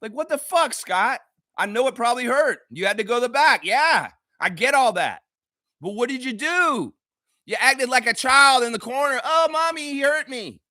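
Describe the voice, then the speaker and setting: A man's voice: very high voice, animated, normal speed, pushed and bright, no echo, studio quality. A man hosting a live basketball reaction show, ranting heatedly and profanely at the players. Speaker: sports reaction host.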